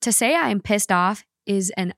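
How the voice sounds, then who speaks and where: A woman's voice: mid-range voice, lively intonation, moderate pace, a bit bright, no echo, studio quality. A woman co-hosting a podcast, reading a listener's story aloud with expression and then chatting casually about it.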